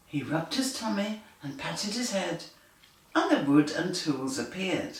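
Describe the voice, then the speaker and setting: Slow, animated woman reading a storybook. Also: low-pitched, distant mic. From United Kingdom. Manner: slow, animated, doing lively animal and machine noises. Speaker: author reading her picture book. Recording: echoey room, voice from off the mic.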